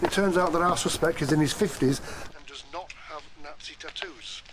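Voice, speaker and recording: A man playing a police officer in a TV drama who questions a witness in a brisk, procedural way. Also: a little high, a crowd in the background, close to an everyday voice. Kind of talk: TV drama acting.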